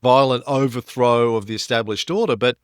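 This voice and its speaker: A man co-hosting a history podcast, telling the story in a lively way and rising in pitch when he stresses a point. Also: fairly quick, smooth, no echo, studio quality. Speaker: podcast co-host.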